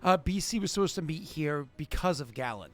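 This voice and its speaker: Game master, man, slightly high voice, rambling self-correcting delivery, faint music bed. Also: expressive, a little fast. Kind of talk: narrating a tabletop game.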